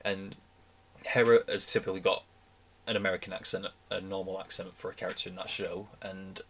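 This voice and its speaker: A man's voice: low voice, little pitch movement, fairly quick, a bit bright, slightly rough. A young man giving a casual, rambling reaction commentary, often restarting his sentences as an enthusiastic fan. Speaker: reaction video host.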